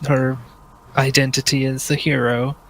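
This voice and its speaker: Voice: mid-range voice, little pitch movement, unhurried, gravelly, fairly bright tone, a little hiss or hum, low-quality recording. A man voicing a kindly, hesitant older woman who is a vice principal. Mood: gentle.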